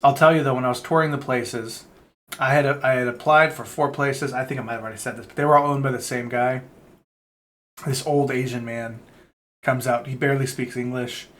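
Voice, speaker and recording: Young man, casual vlog chat, rambling, candid, swears a lot, middle-pitched voice. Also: fairly even intonation, brisk, a bit bright. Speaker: vlogger.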